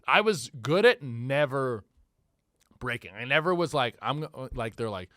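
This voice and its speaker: A man's voice: mid-range voice, a little slow, no echo. Foul-mouthed young man, dry close mic. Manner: swearing, animated storytelling with acted quotes. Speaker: comedy podcast host. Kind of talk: solo comedy podcast rant.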